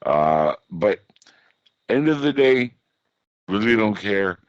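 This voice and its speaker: A man's voice: fairly low pitch, big pitch swings, takes it slowly, no echo, dull audio. A man hosting a casual online group chat, talking in a blunt, sarcastic, ranting way. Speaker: podcast host.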